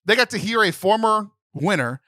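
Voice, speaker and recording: A man's voice: sits high, lively intonation, normal speed, bright, forceful tone, dry recording. A young man co-hosting a podcast in casual chat, emotional and close to tears, rambling with many restarts. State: tearful. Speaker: podcast co-host.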